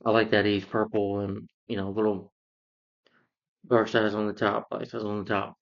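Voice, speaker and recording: A man's voice: lowish voice, flat delivery, moderate pace, vocal fry, highs cut off. A man casually reviewing a film, rambling through the plot with lots of fillers and restarts. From lives in Georgia, US.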